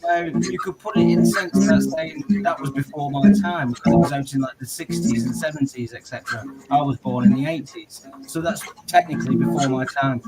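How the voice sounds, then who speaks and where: A man's voice: medium pitch, fairly quick, hardly any pauses, rough recording. A man in his thirties chatting casually, rambling and swearing, often adding "like" and "do you know what I mean". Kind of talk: casual chat on a live stream. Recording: loud guitar music behind.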